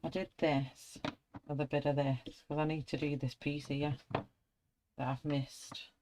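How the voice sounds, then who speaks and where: Low-voiced chatty British woman. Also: little pitch movement, unhurried, noisy background. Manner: chatty, self-narrating, friendly. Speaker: colouring artist. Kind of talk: casual chat while colouring.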